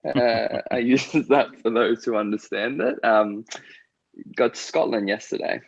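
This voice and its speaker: A man co-hosting a casual podcast chat in an easygoing, chatty way with many pauses and little laughs. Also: mid-range voice, creaky, husky, no room sound, muffled recording. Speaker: podcast co-host.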